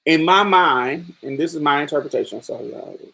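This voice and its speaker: Husky-voiced woman podcaster, emphatic and profane. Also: deep voice, expressive, moderate pace, fairly bright tone. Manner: emphatic and profane, acts out quoted lines. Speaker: podcast host. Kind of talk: casual film commentary.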